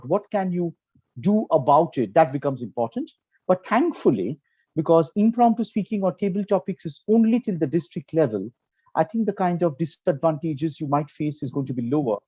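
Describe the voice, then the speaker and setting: A man's voice: fairly high pitch, dark tone, slightly rough, no echo. Bengali-accented male panelist, earnest explainer, dry muffled online audio. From Kolkata, India. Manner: earnest, explanatory, with frequent fillers. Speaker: program quality director.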